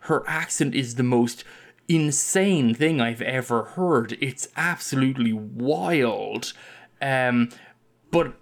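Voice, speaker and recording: Brief: man, mid-pitch, casual podcast co-host, digressive and wry. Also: slow pace, creaky. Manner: rambling, restarts often, wry. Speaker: podcast co-host, film discussion. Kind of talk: casual chat.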